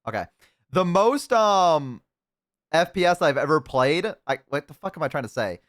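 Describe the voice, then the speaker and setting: A man eats while streaming, chatting casually with viewers and rambling self-deprecatingly with lots of fillers and restarts. His voice is a little high and fairly bright, swinging widely in pitch at a normal speed.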